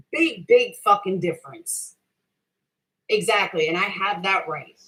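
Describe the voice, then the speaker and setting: Answering chat on her livestream, a middle-aged woman delivers a heated, casual rant full of swearing, defending herself and going back to the same point. Her voice is mid-range and fairly bright, a little slow, in a rough recording.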